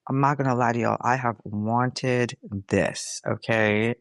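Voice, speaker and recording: A woman's voice: rumbling low, fairly even intonation, measured pace, no echo, studio quality. A middle-aged woman hosting her own podcast, talking candidly and casually, swearing freely and calling her listeners y'all. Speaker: podcast host. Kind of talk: casual reflective monologue.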